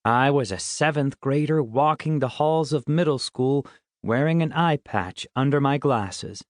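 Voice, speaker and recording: A man's voice: mid-range voice, measured pace, dry recording, clean studio sound. Man narrating a wry middle-grade audiobook. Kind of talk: first-person audiobook narration.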